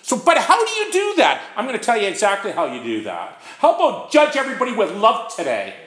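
Man, recovery-talk speaker, conversational, lively pitch, echoey room. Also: brisk. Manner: conversational, frequent "right?" asides. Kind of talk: informal talk on recovery steps.

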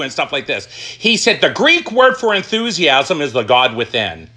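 A middle-aged man telling his recovery story, emphatic and animated, asking questions and answering them himself. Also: on the high side, normal speed, few pauses. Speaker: recovery speaker. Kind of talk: personal testimony talk.

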